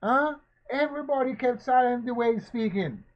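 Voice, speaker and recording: A man giving spoken commentary, asking questions again and again and preaching in a slow, emphatic way. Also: very high voice. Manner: rhetorical, repetitive questioning. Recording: dull lo-fi recording.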